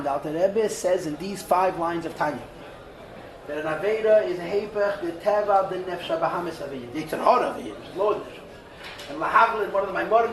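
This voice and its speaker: A man teaching a Torah class, animated and mixing in Hebrew and terms. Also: high-pitched, a little hiss or hum. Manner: animated, mixes Hebrew and Yiddish terms, acts out voices in asides. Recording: roomy hall, voice from far off the mic.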